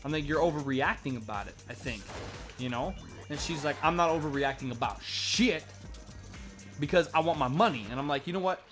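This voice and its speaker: A young man with a bright, slightly high voice spins a rambling, profane made-up story while he plays. He acts out both sides of the dialogue in his own voice, and faint music plays behind him. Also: fairly quick. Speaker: gameplay commentator. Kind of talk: rambling improvised game narration.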